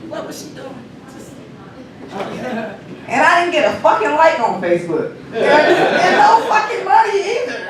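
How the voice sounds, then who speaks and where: Profane, animated comedian in an echoey room. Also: male voice, very high voice, moderate pace, crowd noise. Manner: laughs at his own jokes. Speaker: stand-up comedian. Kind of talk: stand-up comedy rehearsal. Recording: echoey room, mic far off, noisy.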